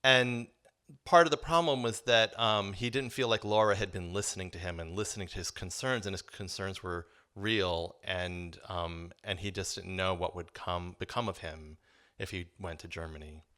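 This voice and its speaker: A man's voice: low-pitched, moderate pace, bright, forceful tone. A man telling a personal story live at a story slam, reflective and earnest, with frequent ums. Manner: reflective, earnest, many um fillers.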